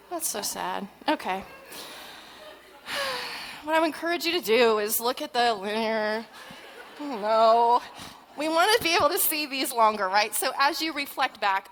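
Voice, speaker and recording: A woman in her forties, a parenting trainer giving a humorous conference talk, chatty and animated, with asides and self-deprecating jokes. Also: on the high side, a little hiss or hum, low-quality recording. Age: 40s.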